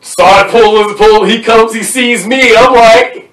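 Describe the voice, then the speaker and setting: A young man hosting a podcast, chatting casually and telling animated stories, acting out voices as he goes. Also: high voice, slow, hardly any pauses, very noisy. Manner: animated storyteller, acts out voices and laughs. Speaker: podcast host. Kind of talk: casual chat. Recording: echoey room, mic at a distance.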